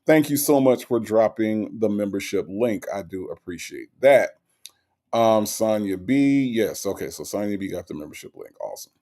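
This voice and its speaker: A man hosting a relaxed livestream, reading chat messages aloud and answering each one. His voice sits a little low but leaps high for emphasis, then drops back down into easy, casual talk. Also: normal speed.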